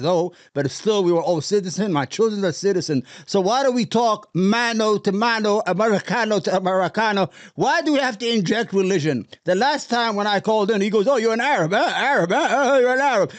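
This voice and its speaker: A high-pitched man rants on his podcast in an angry, profane flood, tripping over repeated words as he gets worked up. The sound is dry and close, with no room around it. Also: no room sound. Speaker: podcast host. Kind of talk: heated ranting commentary.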